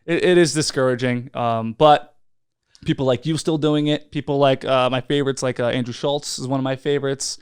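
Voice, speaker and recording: Smooth-voiced talk show host. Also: male voice, medium pitch, steady tone, fairly quick. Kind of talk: casual interview chat.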